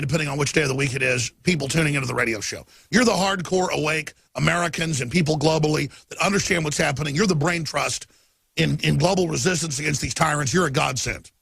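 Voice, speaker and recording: A man hosting a talk radio show, delivering an emphatic, ranting monologue. He piles up lists of numbers and swings between quiet intensity and angry outbursts. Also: a little high, creaky, husky, no room sound.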